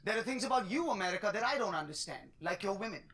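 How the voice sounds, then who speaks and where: High-voiced Indian man doing stand-up. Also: lively intonation. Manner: punchy, playful delivery with pauses for laughs. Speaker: stand-up comedian. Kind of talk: stand-up comedy set. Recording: TV studio stage with audience laughter. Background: crowd laughing.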